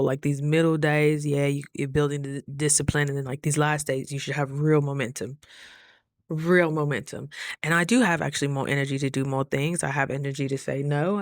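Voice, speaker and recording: A woman's voice: low-pitched, fairly even intonation, fairly quick, dry recording. A woman talking through a casual diary vlog, earnest and reflective, sometimes close to tears. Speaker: vlogger.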